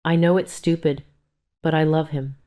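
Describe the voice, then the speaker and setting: A woman's voice: deep voice, a little slow, a little mellow. A woman reading the lines of a grown daughter pleading tearfully with her mother. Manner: pleading, emotional.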